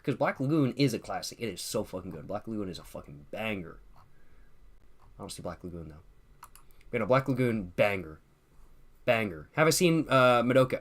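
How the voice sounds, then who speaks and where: A young man hosting a relaxed livestream, his voice sitting right in the middle of the usual male range. He drifts between topics, reads out viewer comments, swears casually and leans on slang like "bro" and "y'all", often saying the same line twice. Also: medium pitch. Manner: loose and profane, heavy slang, repeats himself, laughs often. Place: at home streaming with a drink at hand.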